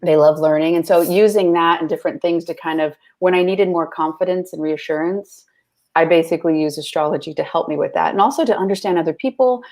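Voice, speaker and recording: Chatting casually as a guest, a woman rattles along quickly, leaning heavily on fillers such as "like" and "you know." She has a fairly low pitch and a darkish tone.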